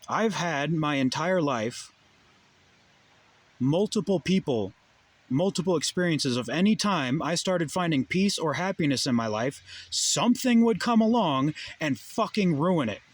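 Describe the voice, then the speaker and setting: A man's voice: a little high, animated, measured pace. A young adult man delivering a heated, profane monologue full of rhetorical questions. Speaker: vlogger. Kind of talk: ranting monologue.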